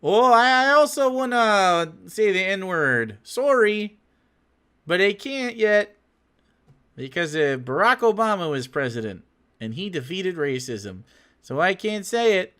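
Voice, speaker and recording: A man's voice: sits high, big pitch swings, a little slow, a bit bright, clear, resonant tone, exaggerated voice. A man putting on the voice of a folksy small-town Midwestern neighbor in a mocking bit.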